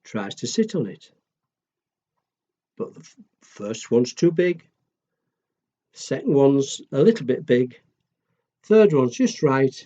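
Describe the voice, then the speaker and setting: A man telling a children's story in a gentle, exaggerated storytime way. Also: medium pitch, big pitch swings, slow, pauses often, highs cut off.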